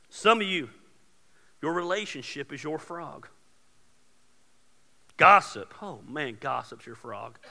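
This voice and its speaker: A man preaching a sermon as pastor, casual and joking, building to loud emphatic points. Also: on the high side, gravelly, big-room sound.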